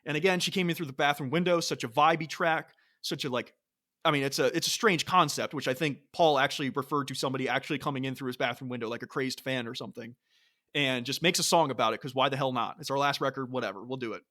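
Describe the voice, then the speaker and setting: A man's voice: mid-range voice, quick pace, sharp tone. A man co-hosting a music podcast in casual chat, enthusiastic, singing and beatboxing bits of songs as he talks. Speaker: podcast co-host.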